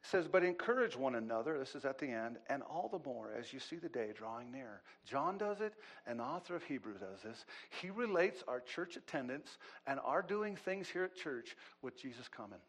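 A middle-aged man preaching a sermon as pastor, swinging from loud, animated bursts to quiet asides. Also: mid-range voice, moderate pace, hardly any pauses.

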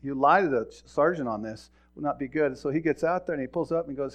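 A man's voice: a little high, animated, moderate pace, creaky. A middle-aged man, a pastor, giving a folksy sermon full of stories, often repeating words and chuckling as he tells them. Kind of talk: sermon with storytelling.

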